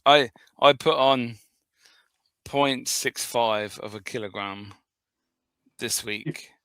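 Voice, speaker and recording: A man's voice: mid-range voice, takes it slowly, sharp tone, clean tone, dry recording. A man co-hosting a podcast, chatting casually and jokily, laughing often and swearing freely. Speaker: podcast co-host. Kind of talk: casual chat.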